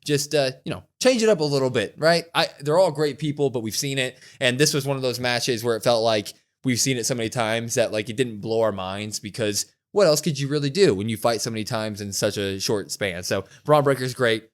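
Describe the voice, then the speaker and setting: A man's voice: medium pitch, fairly quick, hardly any pauses. Casual man recapping wrestling with gusto. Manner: animated retelling, acting out quotes with a raised voice. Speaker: podcast co-host.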